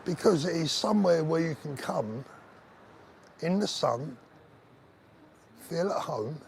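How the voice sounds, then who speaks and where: A man's voice: a little high, expressive, takes it slowly, creaky, darkish tone, a little hiss or hum. A middle-aged man hosting a casual live stream while walking outdoors, chatting, joking and reading out viewer comments. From Britain. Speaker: livestream host. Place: outdoors on resort streets, walking. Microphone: phone on a selfie pole.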